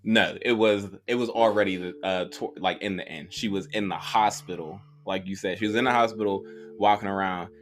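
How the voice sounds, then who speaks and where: A man's voice: fairly low pitch, steady tone, normal speed. A man co-hosting a casual horror movie podcast, talking bluntly with lots of slang. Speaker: podcast co-host. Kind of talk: casual movie review chat.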